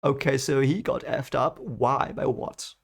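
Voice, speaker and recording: A young man reading a novel aloud and thinking out loud about it in casual commentary, rambling and restarting his sentences. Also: mid-range voice, unhurried, vocal fry. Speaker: book reaction reader. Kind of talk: casual read-along commentary.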